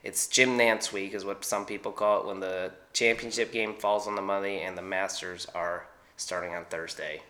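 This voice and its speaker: A man's voice: sits low, fairly even intonation, pushed and bright. A man hosting a sports talk show, chatting casually and rambling a bit. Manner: casual, rambling, sometimes quick.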